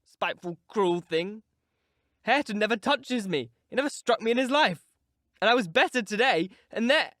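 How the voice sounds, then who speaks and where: A man's voice: sits high, lively intonation, fairly quick, fairly bright tone, no room sound, clean studio sound. A man reading an audiobook, voicing a sickly, spiteful teenage boy with a whiny, petulant manner. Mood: self-pitying.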